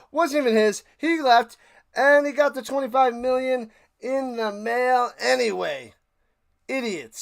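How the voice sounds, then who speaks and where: A man hosting a live football reaction stream, calling the plays between sarcastic rants. His voice sits high with a gravelly fry. He swings from low mutters to sudden loud outbursts. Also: no room sound, clean studio sound. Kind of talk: live sports reaction and play-by-play.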